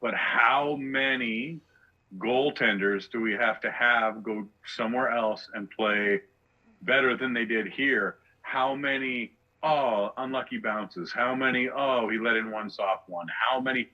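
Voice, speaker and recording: Male comedian, sarcastic ranter, bright tense tone, dull lo-fi audio. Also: mid-range voice, unhurried. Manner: ranting, sarcastic, rhetorical questions. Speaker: guest comedian. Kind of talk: casual podcast chat.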